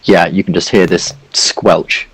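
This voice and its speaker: A man runs a tabletop game as game master, rambling through scenes with lots of fillers. His voice sits low, and the recording is dry and close. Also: steady tone, a little slow, a bit bright, breathy edge, dry recording, poor audio.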